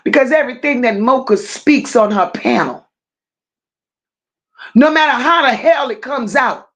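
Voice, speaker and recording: With a fairly high-pitched, slightly bright voice, a woman hosts live-stream commentary on true crime. She rants emphatically and confrontationally, leaning heavily on stressed words and stopping to thank chat viewers.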